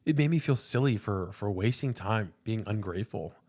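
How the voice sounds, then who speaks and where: A man's voice: lowish voice, animated, moderate pace, darkish tone. A young man and pastor, a podcast guest, telling a personal faith story in an earnest, casual way, often repeating words and saying "dude".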